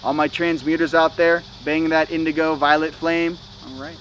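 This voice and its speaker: A man's voice: a little high, level tone, moderate pace, fairly bright tone, slight background noise, rough recording. A young man hosting a spiritual vlog, talking in a loose, slangy way with many "you know"s and "okay"s. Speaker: spiritual channel host. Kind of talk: casual spiritual vlog talk.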